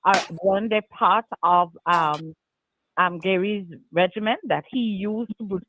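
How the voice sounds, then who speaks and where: A woman's voice: medium pitch, steady tone, a little slow, noisy background. Lady calling in all heated, stumbles on words, phone line sound. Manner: indignant, stammering. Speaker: caller. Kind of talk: angry phone-in call. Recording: dry tinny phone line.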